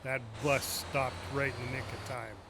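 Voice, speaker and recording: A man's voice: mid-range voice, level tone, moderate pace, noisy background. A man streaming a driving game, chatting casually and cracking jokes at his own puns. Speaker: gaming streamer. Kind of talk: casual live gameplay chat.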